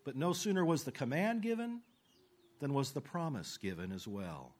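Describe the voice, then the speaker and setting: A man preaching a sermon, earnest, slowing down for scripture and falling low at the ends of phrases. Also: huge pitch swings, darkish tone. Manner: slows down for quoted scripture.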